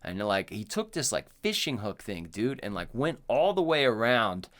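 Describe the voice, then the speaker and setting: Middle-aged man, podcast co-host, lively swooping pitch, rambling casual chat full of fillers. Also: normal speed. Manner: rambling, filler-heavy storytelling.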